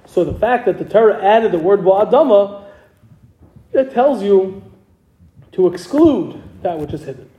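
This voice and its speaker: A man's voice: sits high, expressive, unhurried, pauses often, dark tone, muffled recording. A man teaching a Talmud class, explaining step by step and asking his students questions. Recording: echoey room with noise.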